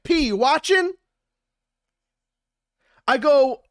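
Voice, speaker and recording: A man telling a story in a casual, profane and animated way, acting out both sides of the conversations himself. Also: extremely high pitch, unhurried, dry recording, studio quality. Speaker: battle rapper.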